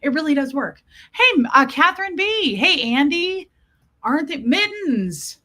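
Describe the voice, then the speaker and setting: Casting: chatty woman livestream host, bright and slightly high voice, greets viewers by name between stories. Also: big pitch swings, unhurried. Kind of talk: casual livestream chat.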